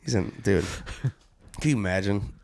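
Gravelly, low-pitched male co-host, jokey banter. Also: normal speed, darkish tone. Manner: jokey, breaks into movie-quote impressions, swears freely. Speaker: podcast co-host. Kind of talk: casual chat.

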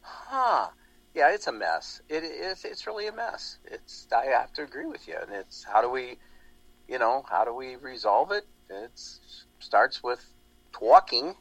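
A man's voice: medium pitch, expressive, moderate pace, a bit bright, no room sound, rough recording. A man hosting a talk show, rambling animatedly with lots of restarts in casual political chat. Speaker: radio show host.

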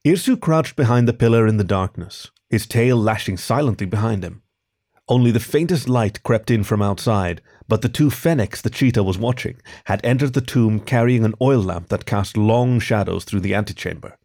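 A man hosting a podcast and narrating a story in a lively, expressive reading style. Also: fairly low pitch, normal speed.

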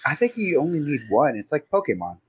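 Husky, wry man. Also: on the high side, sing-song, fast. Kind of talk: casual chat.

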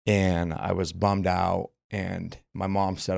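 Low, gravelly guest voice in a dry, close recording, a man from Utah speaking loosely with "like" fillers. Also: little pitch movement, takes it slowly, few pauses, a little mellow, dry recording. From Utah, USA. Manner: frank, loose, lots of "like" fillers. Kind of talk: candid personal storytelling.

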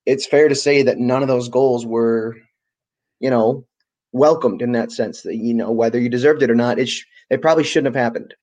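A man co-hosting a casual soccer podcast. He talks with enthusiasm in long, rambling runs. His pitch sits in the middle for a man. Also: steady tone, normal speed, darkish tone. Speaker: podcast co-host.

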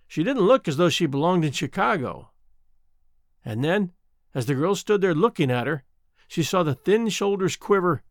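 Male narrator, expressive measured reading, high and lively voice, dry close sound. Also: no echo. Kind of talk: scripted storybook narration.

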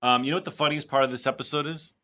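A man co-hosting a podcast, chatting casually and telling lively anecdotes. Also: medium pitch, very fast. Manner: animated storyteller who acts out quoted lines. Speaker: podcast co-host. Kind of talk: casual chat.

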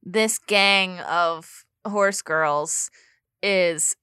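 A woman co-hosting a podcast in casual chat, playful and quick to laugh, with jokey asides. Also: lowish voice, bright, forceful tone, clean tone, no room sound, studio quality. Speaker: podcast co-host.

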